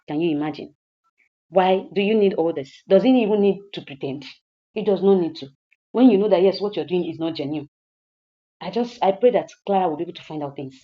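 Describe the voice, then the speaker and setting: A movie reviewer with a Nigerian English accent casually retells a film's plot, repeating herself and asking the listener rhetorical questions. Her voice is on the low side and a little fast, and the highs are cut off.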